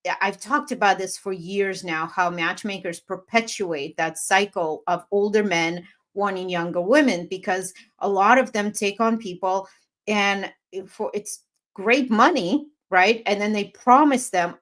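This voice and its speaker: A woman's voice: medium pitch, a little slow, fairly bright tone. A woman co-hosting a podcast, talking in a blunt, sarcastic, opinionated way in casual chat. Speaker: podcast co-host.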